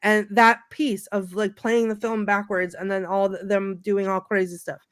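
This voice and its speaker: Woman thinking aloud in dry, halting chat. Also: mid-range voice, level tone, clear, resonant tone, no echo. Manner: halting, restarts mid-sentence, drops to a mutter. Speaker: podcast co-host. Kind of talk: casual chat about a film.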